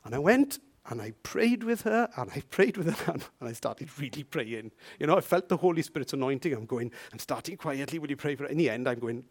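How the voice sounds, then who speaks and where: A man preaching a sermon, telling a personal story with lively swings from hushed asides to loud, emphatic lines. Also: mid-range voice, brisk, few pauses.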